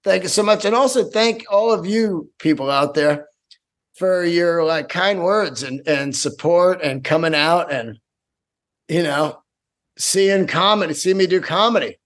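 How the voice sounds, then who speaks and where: A man in his fifties, a stand-up comedian hosting his own podcast, telling stories in an excitable, profane, rambling way with many restarts. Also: high-pitched, unhurried. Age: 50s. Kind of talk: casual solo podcast storytelling.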